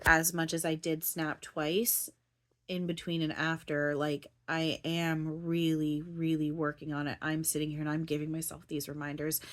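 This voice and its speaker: A woman talking through her feelings in a rambling personal monologue, filling her talk with "like" and "you know", at times close to tears. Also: deep voice. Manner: rambling, full of "like" and "you know", restarts often. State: near tears, voice breaking. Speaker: spiritual channeler and vlogger.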